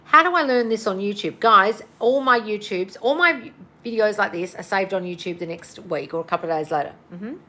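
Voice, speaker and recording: A woman's voice: medium pitch, lively intonation, brisk, sharp tone. A tired woman coach answering listener questions in a casual livestream, blunt and swearing, calling everyone darling. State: tired and yawning. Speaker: manifestation coach.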